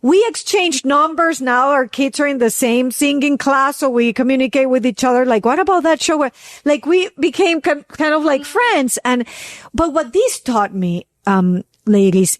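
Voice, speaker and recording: A woman's voice: dry recording, studio quality. A woman co-hosting a wellness podcast, telling a story in casual chat and acting out the people she quotes with big jumps in voice. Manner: animated, acts out quotes with big pitch jumps. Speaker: podcast co-host.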